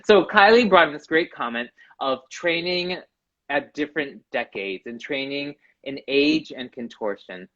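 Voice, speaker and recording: A middle-aged man co-hosting a casual live-stream chat, speaking haltingly with many fillers and restarts. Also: a little high, lively intonation, fairly bright tone, lo-fi sound. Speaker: co-host, contortionist. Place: home, Tel Aviv. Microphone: live video stream.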